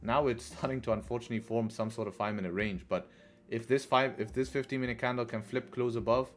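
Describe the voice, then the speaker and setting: There's a fast, medium-pitched male voice with fairly even intonation here, belonging to a trading livestream host. He speaks casually to his audience, leans on "right?" constantly, and swears in passing.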